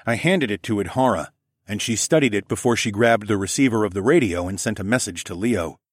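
Man reading a first-person story, lowish voice, steady and matter-of-fact, dry close sound. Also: fairly quick, dry recording. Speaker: narrator.

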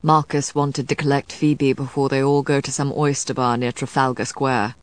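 A woman voicing a composed, protective male scholar who speaks calmly and firmly, in clipped phrases, as an audiobook figure. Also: medium pitch, normal speed, clean tone, no echo, close to an everyday voice. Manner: calm, firm, clipped.

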